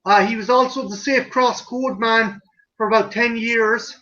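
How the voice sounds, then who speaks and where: High, bright-voiced male stream host. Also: fairly even intonation, measured pace, dull audio. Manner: rambling, swearing, laughing often. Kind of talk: casual chat on a livestream.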